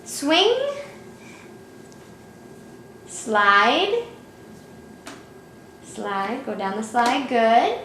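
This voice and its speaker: A woman's voice: on the high side, very animated, very slow, long pauses, a bit bright. A woman patiently coaxing her toddler to say words at home, asking the same short questions again and again in a sing-song way. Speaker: parent filming her toddler. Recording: echoey room with faint background hiss.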